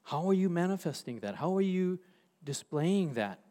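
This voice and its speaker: A man preaching a sermon as pastor, reading scripture aloud and slowing down to stress key words. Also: high voice, sing-song, dark tone. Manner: reads scripture aloud to the congregation.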